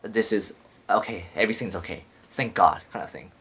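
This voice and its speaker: A man's voice: fairly low pitch, brisk, fairly bright tone, slightly rough. Young man rambling with heavy swearing. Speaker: vlogger. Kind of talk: casual storytelling to camera.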